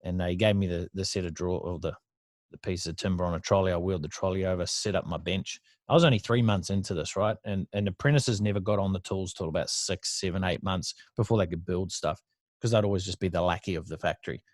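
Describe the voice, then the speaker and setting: Low-voiced blunt Australian man. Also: fast, no echo, clean studio sound. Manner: blunt, swears freely, chatty slang. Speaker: guest entrepreneur. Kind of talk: casual storytelling interview.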